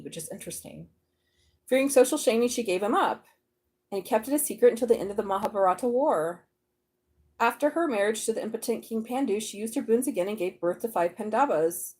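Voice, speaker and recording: A woman giving a live tarot reading, reading card texts aloud and breaking into excited exclamations and laughter. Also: medium pitch. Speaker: tarot reader.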